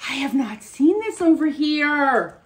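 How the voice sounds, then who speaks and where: A woman's voice: high voice, expressive, a little slow. A woman vlogging as she opens gifts, gushing and gasping with delight. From United States. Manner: gushing, gasping, breathy exclamations. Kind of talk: casual unboxing chat.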